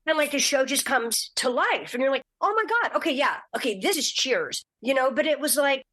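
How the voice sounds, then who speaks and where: A middle-aged guest actress tells stories in a casual podcast chat, speaking a little fast. She is animated and jumps into high voices when quoting people.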